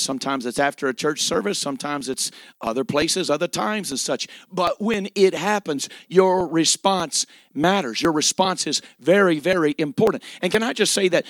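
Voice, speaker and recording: A man preaching a sermon with emphatic delivery, dramatic pauses and repeated phrases. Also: fairly high pitch, a bit bright, no room sound, studio quality.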